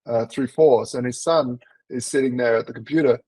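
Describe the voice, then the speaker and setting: A man's voice: mid-range voice, moderate pace, darkish tone, breathy edge, no room sound, low-quality recording. A man hosting an interview, telling long rambling stories in casual chat. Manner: rambling storyteller with fillers and restarts. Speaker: interview host.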